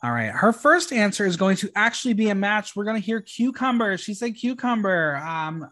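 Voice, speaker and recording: A podcast host recapping a show in casual chat. The talk is quick and easy, with wry, deadpan little asides dropped in between. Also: medium pitch.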